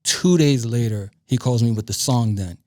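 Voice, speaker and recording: With a medium-pitched voice at a moderate pace, a Brooklyn DJ and producer spins animated anecdotes as a podcast guest, imitating what others said and cursing a lot. The studio sound is clean and dry.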